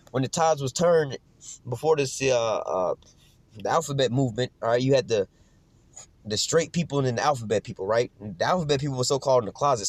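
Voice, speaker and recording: A man's voice: mid-range voice, no echo. A man ranting casually in slang and profanity, rambling loosely and tagging his points with "man" and "you know what I'm saying.". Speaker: commentator.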